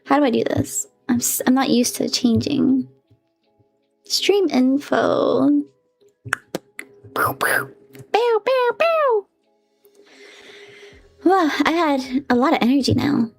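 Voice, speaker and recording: A woman's voice: high-pitched, measured pace, gravelly, husky, soft background music. A woman streamer chatting casually to her viewers, giggly and flustered, squealing often and talking to herself as she fixes her setup. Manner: talks to herself while fixing her setup. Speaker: VTuber streamer. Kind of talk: casual live-stream chat.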